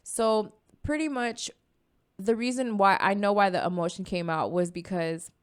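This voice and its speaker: A woman co-hosting a podcast in casual chat, telling a personal story with lively energy and acting out her own quoted words. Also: medium pitch, moderate pace, clear, resonant tone. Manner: animated storytelling, acts out her own quoted words, frequent "you know what I mean". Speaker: podcast co-host.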